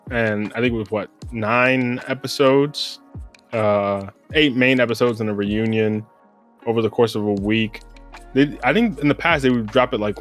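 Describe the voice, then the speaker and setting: A man with an American accent co-hosting a casual sports podcast. He rambles in a laid-back way and keeps saying "bro.". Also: lowish voice. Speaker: podcast co-host.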